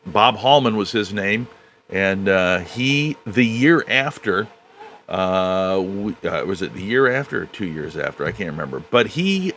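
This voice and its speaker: A man hosting a podcast, chatting casually in a halting way with frequent "uh" pauses. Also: on the low side, a bit bright, slight background noise. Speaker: podcast host. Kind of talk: casual chat.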